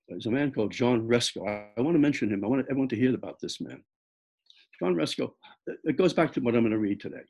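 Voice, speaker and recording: A man's voice: mid-range voice, vocal fry, a little mellow, breathy edge. An older man from the Bronx, an author telling personal stories in a reflective way that halts often and repeats words. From the Bronx, New York. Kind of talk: personal storytelling talk.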